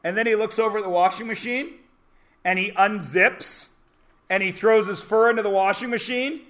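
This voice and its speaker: A man teaching a math class, animated and joking, explaining word problems and telling stories to his students. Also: high-pitched, moderate pace. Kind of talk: classroom lecture.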